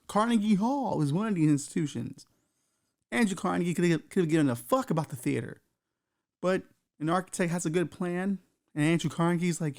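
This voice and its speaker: Male podcast host, fairly high and gravelly, loose and profane, riffs in a comedic monologue. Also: brisk, a little mellow. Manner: loose, profane, riffing with asides.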